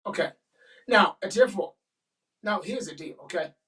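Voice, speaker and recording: A woman's voice: fairly low pitch, lively intonation, normal speed, a bit bright, recorded from a distance, poor audio. A woman with a Ghanaian accent hosting a talk show, giving emphatic, repetitive commentary that slips into Twi. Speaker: show host.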